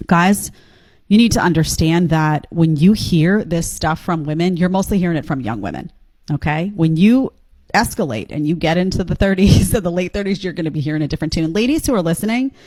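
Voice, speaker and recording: A woman's voice: lowish voice, expressive, moderate pace, a little mellow, no room sound. A woman hosting a reaction video, giving blunt, sarcastic commentary on clips she plays.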